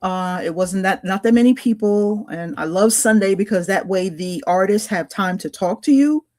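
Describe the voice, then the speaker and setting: A woman's voice: medium pitch, moderate pace, a little mellow. A woman co-hosting a podcast who tells a story in casual chat. She rambles and hesitates, with many fillers and restarts. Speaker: podcast co-host.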